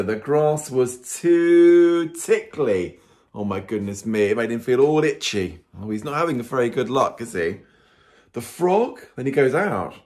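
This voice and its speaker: Guy reading to toddlers, bouncy voice that goes way up and down, keeps asking them stuff. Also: mid-range voice. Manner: animated, asks the children questions and counts along. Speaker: priest reading to young children. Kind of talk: children's story time.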